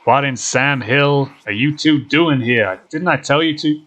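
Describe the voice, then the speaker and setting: A man's voice: mid-range voice, measured pace, pitched above the performer's own voice, close to an everyday voice. Man doing an angry drawling Southern old-timer. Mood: alarmed. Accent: American Southern. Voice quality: loud, drawling, shouting. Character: gruff older southern man, protective, enraged.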